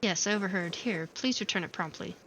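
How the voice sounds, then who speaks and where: A woman streamer playing a game, reading every character's lines aloud in her own voice and adding quick casual asides. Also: on the low side, background noise. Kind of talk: let's play, reading game dialogue aloud.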